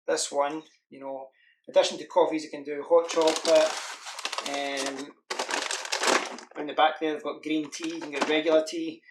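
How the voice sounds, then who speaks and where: A man from the UK giving a casual, rambling product demo at home. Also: fairly high pitch. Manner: chatty, rambling with fillers. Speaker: product reviewer. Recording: echoey room with faint hiss.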